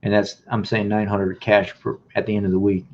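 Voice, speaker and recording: A man's voice: fairly low pitch, little pitch movement, a little fast, slight background noise. A man casually telling his own life story in a rambling way, acting out the dialogue he remembers. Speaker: vlogger. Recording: dull lo-fi recording.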